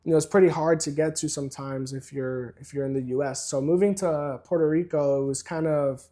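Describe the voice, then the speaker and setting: A young man and student, guest on a podcast, speaking in a measured, thoughtful way with small hesitations. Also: a little high, fairly even intonation, mellow. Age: young adult. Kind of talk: casual chat.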